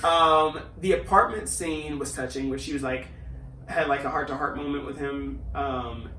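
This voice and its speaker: A man's voice: a little high, normal speed, sharp tone, roomy sound, recorded from a distance, a little hiss or hum, poor audio. A man hosting a podcast in casual chat, rambling with many ums and restarts. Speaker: podcast host.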